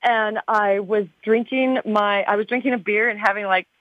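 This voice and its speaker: A woman guest talks in a bubbly, rambling way, full of fillers and restarts. Her voice sits in a middle pitch. The sound is thin and phone-like, with no room at all. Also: fairly even intonation, moderate pace, no room sound. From Arizona, USA. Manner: bubbly and chatty, with frequent fillers. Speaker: guest, TV show star. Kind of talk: casual interview chat. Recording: tinny phone line, dry.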